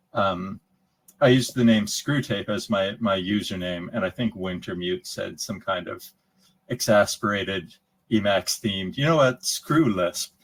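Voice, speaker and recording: Low, husky-voiced man, rambling casual Q&A over a video call, restarts a lot. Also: poor audio. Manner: rambling, restarts and repeats words. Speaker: conference speaker answering questions. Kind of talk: casual Q&A chat.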